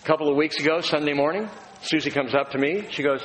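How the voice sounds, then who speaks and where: A man's voice: medium pitch, fairly even intonation, quick pace. A pastor giving a conversational, humorous sermon to his congregation, acting out quotes. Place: church sanctuary. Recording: long hall reverb, faint room noise.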